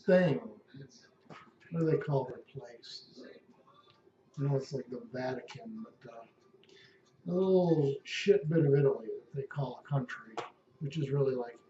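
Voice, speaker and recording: A man's voice: fairly high pitch, warm tone, a little hiss or hum. Man rambling wryly in an echoey room. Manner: rambling, wry, profane. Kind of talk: comic rambling monologue. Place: at home, indoors. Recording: echoey room, dull lo-fi sound.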